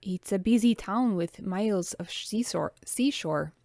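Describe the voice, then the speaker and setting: A woman voicing a young maid with a put-on French accent, speaking softly and hesitantly, partly in a whisper. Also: mid-range voice, measured pace, creaky, dry recording, studio quality.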